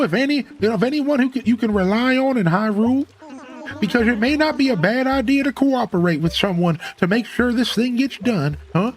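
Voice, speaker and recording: A man voicing a chummy, rambling old male tortoise mayor from a video game, in a high, drawn-out old man's voice. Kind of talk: reading game dialogue aloud.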